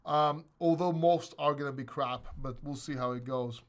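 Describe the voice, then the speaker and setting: A man's voice: on the high side, moderate pace. A man hosting a casual crypto question-and-answer livestream, talking bluntly, rambling and swearing.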